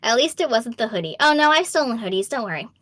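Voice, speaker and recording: A woman's voice: on the high side, expressive, quick pace, a bit bright, dry recording. A young adult woman voice actor with a slight Boston accent, candidly answering fan questions in a casual chat full of ums and laughs. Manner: chatty and candid, reads questions aloud, frequent ums and laughs. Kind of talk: casual Q&A stream.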